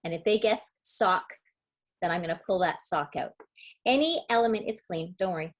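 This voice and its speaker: A woman literacy educator giving a webinar presentation, explaining reading skills and sounding out words slowly. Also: fairly low pitch. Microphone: webinar computer mic.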